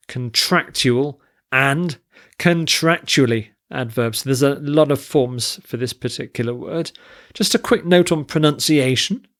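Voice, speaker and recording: A man's voice: medium pitch, fairly bright tone. A man teaching an English vocabulary lesson, listing word forms and reading example sentences carefully. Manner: slow, deliberate, spells out word forms and stress.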